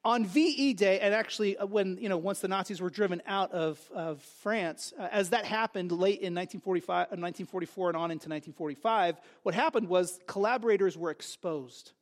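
A man with a notably high voice preaching a sermon from the pulpit. He talks in an emphatic way, climbing louder and higher when he quotes scripture, and restarts his phrases often. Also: a little fast, hardly any pauses. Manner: emphatic preaching with rising, loud quoted lines and frequent restarts. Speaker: pastor.

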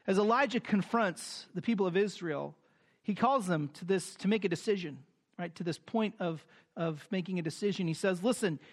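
A pastor preaching a sermon, explaining scripture with many fillers and restarts, then reading the verses aloud with rising emphasis. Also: male voice, high voice, normal speed.

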